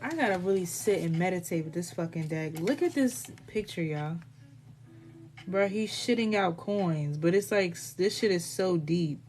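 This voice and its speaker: A woman's voice: on the low side, expressive, normal speed, a little mellow. A woman doing a casual live tarot reading, talking in a blunt, rambling way full of swearing. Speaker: tarot reader.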